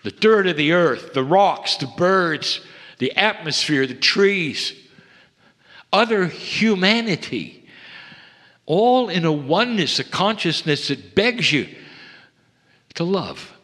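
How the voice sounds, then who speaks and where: A man delivering a channeled spiritual message to a seminar audience, measured and intimate, often sinking to hushed tones. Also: high voice, lively intonation. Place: seminar hall. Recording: long hall reverb.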